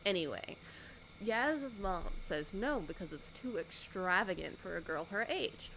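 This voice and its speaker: A woman YouTuber giving a sarcastic, animated casual recap of a movie, acting out the characters' lines. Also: medium pitch, a little slow, slight background noise.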